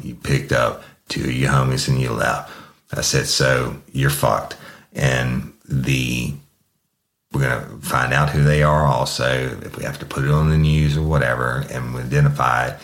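A man with an extremely deep voice tells a police story from his own past. He talks bluntly and swears freely, acting out each exchange in his own voice. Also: fairly bright tone. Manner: profane, blunt, acts out dialogue. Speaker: host telling a true crime story. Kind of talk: first-person storytelling.

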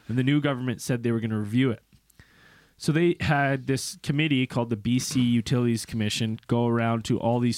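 A young man co-hosting a podcast, telling a story casually, swearing and mimicking people in squeaky voices. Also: no echo, clean studio sound. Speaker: podcast co-host.

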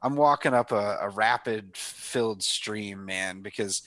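A man's voice: fairly low pitch, a little slow, sharp tone, dry recording. A man in his thirties, a guest author in a casual interview, talking with laid-back energy and often saying "man" and "dude". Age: 30s.

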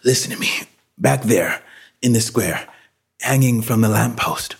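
A terrified shopkeeper cries out in a high, cracking shout, put on by a male narrator. The voice is husky and strained. It comes from a dark storybook reading. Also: unhurried, heavily acted. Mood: shaken.

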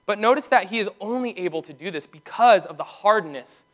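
A man preaching a sermon as pastor, earnest and emphatic, slowing down to stress key commands. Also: sits high, expressive.

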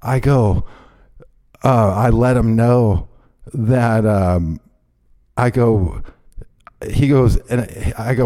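A man with a low, dark, mellow voice tells a story in a heated, profane rush. He keeps breaking into loud acted-out quotes of what he shouted. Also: takes it slowly, pauses often. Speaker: podcast host. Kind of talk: casual chat, storytelling.

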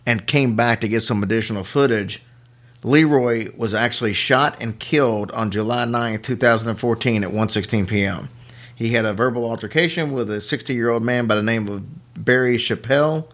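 A man hosting a podcast, telling a story in casual chat with lively asides and chuckles. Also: medium pitch. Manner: animated, quick asides and chuckles. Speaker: podcast host.

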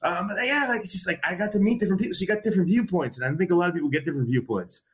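With a high-pitched, animated voice, a man races through casual podcast conversation as a guest. A wrestling commentator, he rambles, restarting often and repeating fillers.

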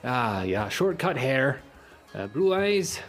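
A man's voice: mid-range voice, big pitch swings, slow, faint music behind. A man voicing a chatty male townsman with a basket of potatoes, gossipy and fussy.

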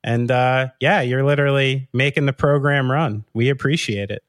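Mid-pitched man, rambling casual co-host. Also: steady tone, normal speed, no room sound, studio quality. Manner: rambling and enthusiastic, with many fillers. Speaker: podcast co-host. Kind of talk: casual chat.

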